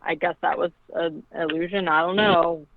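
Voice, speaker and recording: A woman's voice: fairly low pitch, fairly even intonation, normal speed, a loud crowd. A woman casually recapping a film as a podcast co-host, chatty and full of "like", acting out the quoted lines. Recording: tinny phone-like line, dry.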